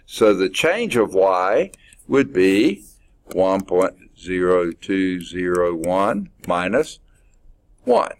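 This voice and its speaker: A middle-aged math teacher delivers a classroom lecture in a relaxed, folksy manner, working through ideas aloud and self-correcting. His voice sits low, with slight background noise.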